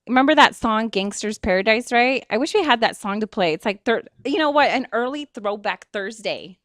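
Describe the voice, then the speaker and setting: A woman's voice: on the high side, animated, normal speed, fairly bright tone, no room sound, studio quality. A young woman hosting an internet radio talk show, rambling and emotional, laughing often.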